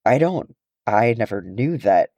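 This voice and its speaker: A man's voice: lowish voice, animated, measured pace, dry recording, lo-fi sound. A man voicing a proud dwarf king whose words come out strangled and half growled. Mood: shaken.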